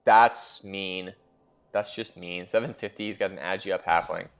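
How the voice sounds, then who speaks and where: A man's voice: sits low, steady tone, moderate pace, clean tone, highs cut off. A man hosting a casual recap of a league in a fantasy sports board game, chatting and thinking aloud with fillers.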